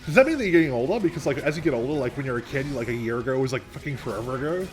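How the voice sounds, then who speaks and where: A man's voice: mid-range voice, lively intonation, rapid-fire, soft background music. A young man co-hosting a gameplay video, rambling in casual chat, laughing often and swearing casually. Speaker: gameplay co-host. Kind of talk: casual let's-play chat.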